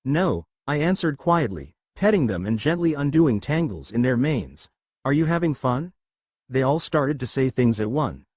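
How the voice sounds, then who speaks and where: A man narrating a humorous fan fiction story in a lively reading voice. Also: mid-range voice, moderate pace, hardly any pauses, no echo, studio quality.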